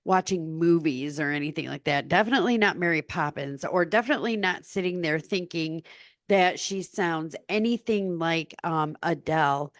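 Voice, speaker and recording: A woman's voice: low voice, moderate pace, no echo, studio quality. A woman author being interviewed, chatty and self-deprecating, laughing often. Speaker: author guest. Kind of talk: casual interview chat.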